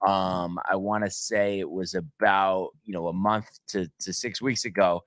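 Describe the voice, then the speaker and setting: A man's voice: low voice, steady tone, a little slow, a bit bright. A man co-hosting a podcast, telling a long story in casual chat, full of restarts and acted-out quotes. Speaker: podcast co-host.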